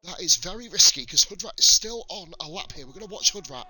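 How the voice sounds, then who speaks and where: A man's voice: sits high, animated, quick pace, a crowd in the background, poor audio. A man with a northern English accent mixed with Welsh, commentating a sim race on a live stream and bantering with viewers, swearing freely. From northern England.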